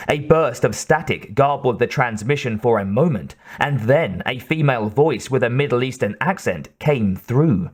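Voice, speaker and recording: A man reading an audiobook in a slow, expressive narrating voice. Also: medium pitch, slightly rough. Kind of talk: scripted narration.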